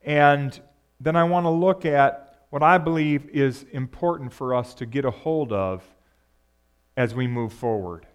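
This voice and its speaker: A pastor preaching a sermon in a conversational way, often asking the congregation rhetorical questions. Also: male voice, mid-range voice, measured pace, clear, resonant tone.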